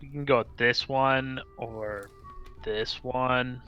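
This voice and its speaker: A man's voice: medium pitch, steady tone, very slow, dull audio, faint music behind. A man playing a tabletop game, talking earnestly with small hesitations. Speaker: player. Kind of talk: casual tabletop game chat.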